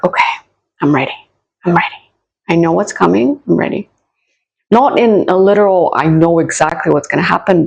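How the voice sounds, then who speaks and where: Gravelly-voiced woman giving a gentle reading. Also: on the low side, rough recording. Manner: soothing, encouraging, repeats phrases; direct address to viewers. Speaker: psychic and spiritual coach. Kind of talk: casual channeled reading to camera.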